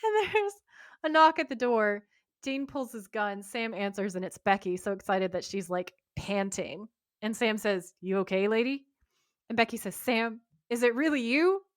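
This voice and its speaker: A woman's voice: medium pitch, animated, normal speed, no room sound. Woman recapping a show in a dry room. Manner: reads scene notes aloud, mimicking lines, laughing often. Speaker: podcast co-host. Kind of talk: casual recap of a TV episode.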